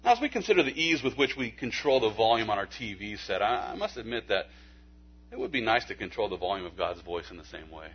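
A man preaching a sermon in a conversational way, with folksy asides, stammered restarts, and a hushed soft delivery when he makes a point. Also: lowish voice, big pitch swings, fast talker, slightly rough. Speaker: pastor. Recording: dull lo-fi recording.

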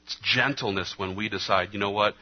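A man preaching a sermon earnestly, his delivery moving between hushed, slow passages and emphatic ones. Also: on the low side, steady tone. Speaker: pastor. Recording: slightly dull lo-fi sound.

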